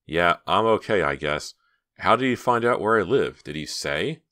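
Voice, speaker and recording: Man doing a curt teenage girl, sarcastic, uneasy, deep voice lifted, dry sound. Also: a little slow, bright, forceful tone, clean tone, no room sound, exaggerated voice.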